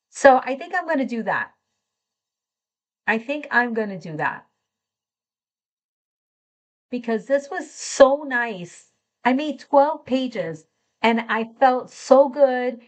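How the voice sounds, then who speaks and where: Her voice a little high, a middle-aged woman runs a live crafting tutorial, working away while she chats with enthusiasm and welcomes viewers by name.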